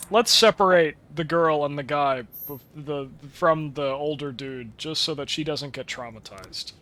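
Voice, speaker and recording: A man's voice: on the high side, measured pace, few pauses, bright, forceful tone. A young man with a stuffed-up nose giving rambling, wry, sweary commentary while he streams a game. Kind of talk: casual gameplay commentary.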